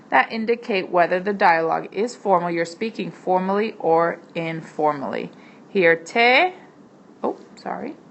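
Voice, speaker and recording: Patient woman teaching a screencast lesson. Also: medium pitch. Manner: slow, careful enunciation of example words. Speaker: Spanish teacher. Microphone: computer mic while drawing on a tablet.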